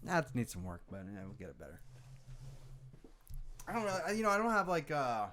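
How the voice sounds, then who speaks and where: A man's voice: a little high, huge pitch swings, brisk, bright, forceful tone, a little hiss or hum. A man co-hosting a podcast in brash, profane, jokey casual chat. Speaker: podcast co-host.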